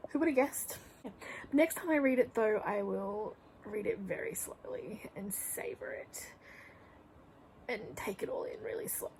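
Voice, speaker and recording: A woman's voice: mid-range voice, a little mellow, rough recording. A young woman chatting casually in a reading vlog at home, gushing and rambling, often dropping to a whisper. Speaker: book vlogger. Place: home room.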